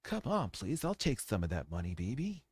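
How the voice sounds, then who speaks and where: A man's voice: lowish voice, huge pitch swings, moderate pace, slightly rough, no echo, heavily acted. A man putting on the voice of a greedy male sellout who begs for money and whines that he doesn't care about the harm he causes. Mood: mocking, pleading. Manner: whiny pleading mockery.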